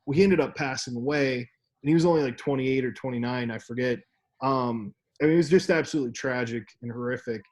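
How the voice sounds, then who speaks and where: Speaking at medium pitch and a little fast, this podcast co-host is a young man animatedly recounting a story on a casual show. He laughs along the way and performs the quoted voices.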